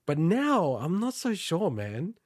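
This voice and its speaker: A man's voice: sits high, wildly swooping pitch, slow, crowd noise. A man co-hosting a gaming news podcast, chatting casually, laughing often and interrupting himself. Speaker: podcast co-host reading the news.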